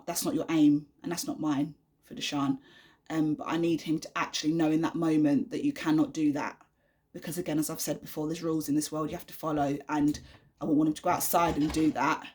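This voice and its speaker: Frank chatty mum, low-pitched. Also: female voice, a little mellow. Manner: chatty, frank, many fillers. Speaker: vlogger, mother. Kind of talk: candid unedited vlog. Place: her bedroom at home.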